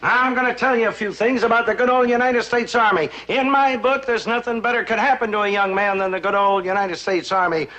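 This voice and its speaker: A pompous former first sergeant turned small-town father, lecturing and barking like he's back on the parade ground. His voice sits high and bright, pushed hard. It comes off an old sitcom soundtrack with a laugh track behind it. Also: steady tone, brisk, hardly any pauses, dull audio. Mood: blustering. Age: middle-aged. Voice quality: loud, blustering drill-sergeant barking. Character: blustering middle-aged ex-sergeant father, bossy, self-important. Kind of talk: 1960s sitcom acting.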